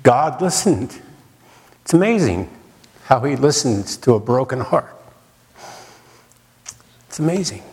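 A man's voice: mid-range voice, sing-song, slow pace, long pauses, darkish tone. A man preaching a sermon in a dramatic way, with rhetorical questions and repeated lines for emphasis. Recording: long reverb of a large hall.

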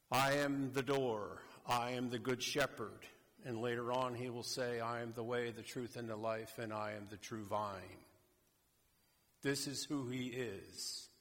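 Slow-preaching man in a reverberant hall. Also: medium pitch, a bit bright. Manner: slow, deliberate, emphatic preaching. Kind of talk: sermon.

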